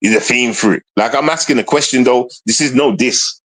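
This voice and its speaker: A man delivers a long livestream rant at a medium pitch. He repeats himself, stumbles over words and keeps firing taunting questions at someone who isn't there. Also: animated, moderate pace, hardly any pauses, a bit bright. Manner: confrontational, repetitive, taunting rhetorical questions. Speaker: streamer. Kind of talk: ranting livestream monologue.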